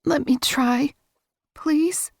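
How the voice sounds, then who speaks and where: In an audiobook, a woman voices a frightened young woman, anxious, pleading, and slightly raised, in a heavily acted performance. Her voice sits high and is pushed up, very slow with vocal fry and a little mellow. The sound is clean studio quality with no room sound.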